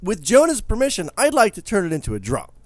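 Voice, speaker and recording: A man's voice: sits high, wildly swooping pitch, quick pace, no room sound. A man in his thirties co-hosting a podcast in casual, joking, rambling chat. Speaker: podcast co-host.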